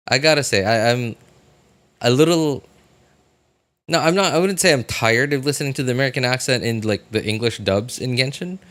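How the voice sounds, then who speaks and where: A man's voice: mid-range voice, moderate pace, fairly bright tone. Chatty streamer man rambling. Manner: rambling, chatty, many fillers and restarts. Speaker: streamer reacting to a livestream. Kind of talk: casual live reaction chat.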